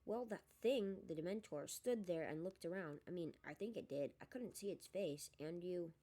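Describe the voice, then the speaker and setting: A woman's voice: on the low side, mellow, lightly acted. A woman voicing a nervous, shaken teenage boy in an audiobook reading. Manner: nervous, hurried.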